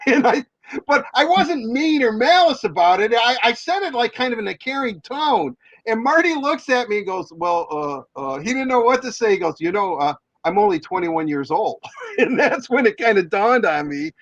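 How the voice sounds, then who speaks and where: A man's voice: extremely high pitch, sing-song, normal speed, a bit bright, dry recording, highs cut off. A man, a hockey reporter, telling long rambling stories in casual chat, with many fillers and restarts.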